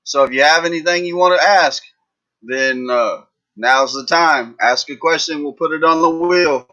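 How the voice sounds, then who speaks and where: A man's voice: fairly high pitch, moderate pace, sharp tone, dull audio. A man hosting a livestream, telling jokes in a rambling, folksy way. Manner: rambling, folksy, lots of fillers. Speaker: livestream host. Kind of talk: casual live-chat joke telling.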